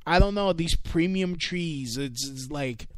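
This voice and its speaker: Hosting a casual online radio show, a man delivers a comedic rant full of swearing, stumbles, filler words, and restarts. His voice is fairly high-pitched and a little slow. The sound is studio quality, with no room sound.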